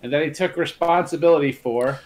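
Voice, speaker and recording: High-voiced dude ranting on a podcast, swearing a ton, blunt. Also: male voice, fairly quick. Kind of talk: casual chat.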